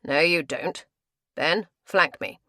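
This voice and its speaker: A woman reading a calm, commanding gentleman investigator with crisp formal speech. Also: low-pitched, slow, no room sound, clean studio sound, heavily acted.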